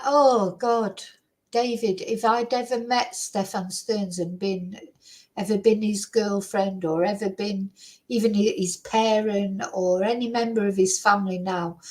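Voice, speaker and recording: Speaking with a mellow, mid-range voice, this true crime host addresses her viewers in loose solo commentary. The audio is poor, coming from a computer microphone at her desk, and her talk wanders, full of "you know" and tag questions.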